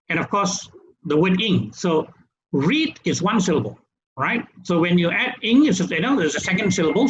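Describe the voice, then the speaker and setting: A man's voice: high-pitched, slight background noise. A man with a Malaysian English accent teaching English grammar in an online webinar, checking in with "right?" after each point. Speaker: English trainer. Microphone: webinar computer mic. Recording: dull lo-fi webinar audio.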